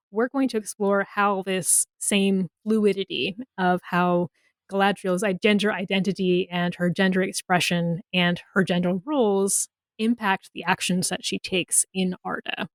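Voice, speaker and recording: A woman's voice: medium pitch, dry recording. Enthusiastic woman podcast co-host. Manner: enthusiastic, wrapping up with a summary. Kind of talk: casual podcast discussion.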